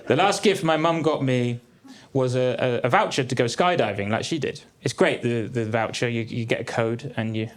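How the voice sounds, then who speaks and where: A young man doing a stand-up comedy set on a theatre stage, deadpan and dry, with the odd high exclaimed punchline. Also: moderate pace, hardly any pauses. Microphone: stage mic. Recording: live theatre with crowd laughter. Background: audience laughing.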